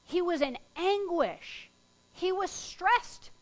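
A woman pastor with a high, bright-toned voice preaches from the pulpit. She tells her stories in a lively way and pokes fun at herself, then moves on to a passage of scripture. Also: slow pace. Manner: lively storytelling, self-deprecating humor. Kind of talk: sermon with personal stories. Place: church sanctuary.

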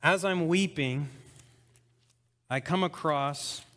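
A young man preaching a sermon, telling his conversion story with shifts between hushed and excited delivery. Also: on the high side, slow, long reverb tail. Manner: emotional storytelling, swings between soft and excited. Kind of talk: testimony sermon. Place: church hall.

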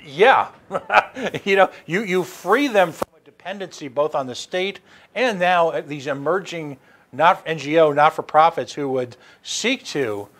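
Higher-voiced man, animated talk radio host. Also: measured pace. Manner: animated, stumbling restarts, sarcastic asides. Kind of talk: casual political talk.

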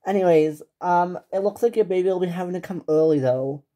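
A woman's voice: on the low side, a little fast, warm tone, close to an everyday voice. A woman voicing a businesslike hospital doctor. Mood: explaining. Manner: businesslike, explaining, slightly hesitant. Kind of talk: toy-figure home drama.

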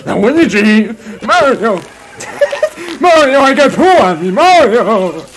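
A man voicing two bickering cartoonish adult male plumber brothers in a high, yelping, nasal put-on voice. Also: big pitch swings, slow pace, background noise, exaggerated voice. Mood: whiny bickering. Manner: bickering and whiny.

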